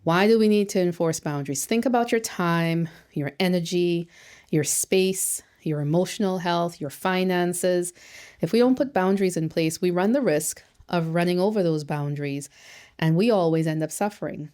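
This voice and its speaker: A woman with a slightly low voice gives an educational talk as a therapist and social worker. She is lively and emphatic, often posing rhetorical questions and acting out little quotes. Her delivery is direct and encouraging. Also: moderate pace, smooth. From Canada.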